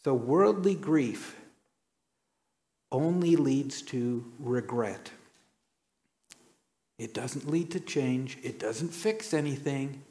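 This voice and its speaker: A man preaching a sermon, telling stories and acting out quoted lines with sudden jumps in pitch. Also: slow pace, long pauses, darkish tone. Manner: storytelling, acts out quotes with dramatic pitch jumps.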